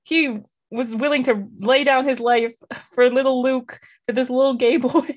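Animated woman who laughs while retelling, higher voice. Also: normal speed. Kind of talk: casual chat.

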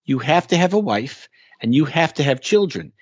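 A man's voice: fairly high pitch, big pitch swings, moderate pace, slightly rough, no echo, dull audio. A man talking as a guest in a casual interview, explaining with earnest emphasis. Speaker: guest musician.

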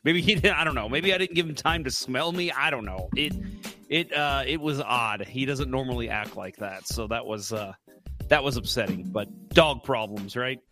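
A man's voice: mid-range voice, moderate pace, bright, forceful tone, soft background music. A middle-aged American man hosting a sports podcast, chatting casually and rambling through stories with lots of fillers. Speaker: podcast host.

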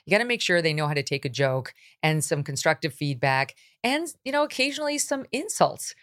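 A middle-aged woman hosting a talk show, blunt and animated, quick to laugh. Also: low-pitched. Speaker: host.

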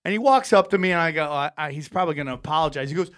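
A man, a comedian guest on a podcast, telling stories in a lively, profane way and acting out the people in them. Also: fairly high pitch, racing. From Armenian family. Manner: animated storyteller, acts out voices, swears a lot. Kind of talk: casual podcast chat.

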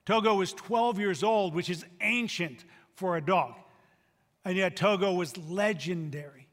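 High, bright-voiced man preaching in a hall. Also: measured pace. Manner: emphatic preaching, swinging from loud to hushed. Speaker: pastor. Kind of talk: sermon. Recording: long reverb of a large hall.

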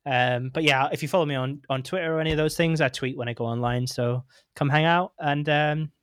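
A man's voice: a little high, fairly even intonation, fairly quick, fairly bright tone, no echo. A man, co-hosting a podcast, chatting in an upbeat, agreeable way. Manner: upbeat, agreeable, promoting his channels. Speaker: podcast co-host. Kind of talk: casual chat.

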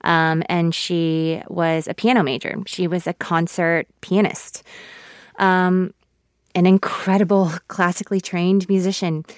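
A woman actor in her thirties being interviewed on radio, thoughtful and halting with soft laughs, close to tears. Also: on the low side, level tone, clean tone, dry recording. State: emotional, near tears.

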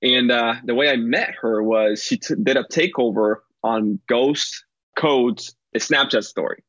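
A man's voice: mid-range voice, a little slow, fairly bright tone, no echo. Dominican guy, rambly casual storytelling, kinda muffled dry audio. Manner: rambling, lots of "like" and "uh", laughs easily. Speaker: podcast guest, entrepreneur. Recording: slightly dull, dry lo-fi sound.

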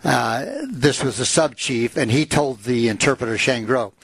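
A man's voice: mid-range voice, normal speed, breathy edge, dry recording. A man retelling a written history aloud to a listener, reading passages and adding casual asides with fillers. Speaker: storyteller.

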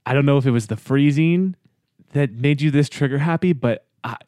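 A man's voice: medium pitch, normal speed, dark tone, dry recording, studio quality. Stammering man playing a tabletop game. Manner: apologetic, stammering peacemaker. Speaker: player. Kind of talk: in-character tabletop play.

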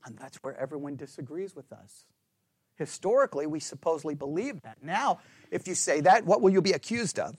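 A man preaching an animated sermon, full of rhetorical questions and acted-out voices of churchgoers. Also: a little high, a little fast, husky, dry recording.

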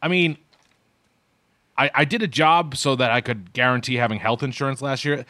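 A man's voice: mid-range voice, moderate pace, pushed and bright, no room sound. A man co-hosting a podcast in casual chat, ranting and swearing in an exasperated way. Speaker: podcast co-host.

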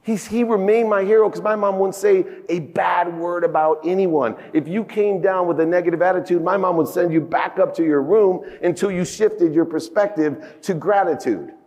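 A man's voice: normal speed, hardly any pauses. Man giving an emotional keynote in a hall. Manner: emotional storytelling with big swings in pitch and loudness. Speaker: keynote speaker. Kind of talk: motivational keynote speech. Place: large conference hall stage. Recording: echoey conference hall.

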